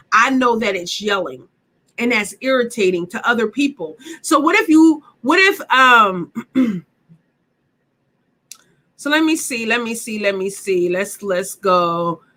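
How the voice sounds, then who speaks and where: A woman's voice: fairly high pitch, pushed and bright. A woman leading a live online workshop, talking emphatically and chattily, repeating her points and asking the audience direct questions. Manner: talks straight to the audience with questions. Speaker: workshop instructor.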